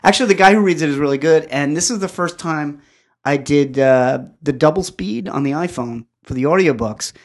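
A man's voice: fairly high pitch, brisk. A man hosting a casual comics podcast, talking energetically and laughing often. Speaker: podcast host. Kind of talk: casual chat.

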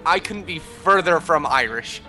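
A man's voice: a little high, expressive, unhurried, loud music behind the voice. A man from the USA, chatting playfully and giggling between remarks. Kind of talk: casual chat.

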